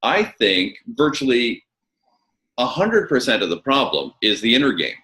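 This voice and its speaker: Male interviewer and coach, emphatic and animated, roomy sound. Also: medium pitch, moderate pace. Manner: emphatic, repeats words when starting a thought.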